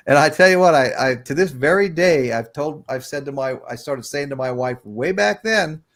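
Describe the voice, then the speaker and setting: A man's voice: medium pitch, lively intonation, a little fast, gravelly, few pauses, a bit bright. A man in his sixties from the United States, hosting a casual livestream chat and telling rambling stories with chuckles. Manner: rambling storyteller, chuckling, greets chat viewers. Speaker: livestream podcast host.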